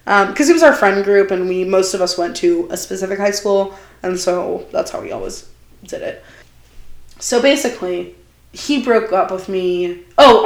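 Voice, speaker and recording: A young woman telling a long personal story in casual chat, animated and full of fillers and quoted asides. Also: mid-range voice. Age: young adult. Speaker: podcast guest. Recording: roomy echo.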